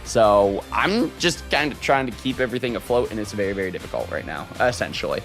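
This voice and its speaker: A man live-streaming, chatting casually with his viewers and reading out super chats, excitable and quick to laugh. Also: on the low side, soft background music. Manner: excitable, laughs often, loud shout-outs.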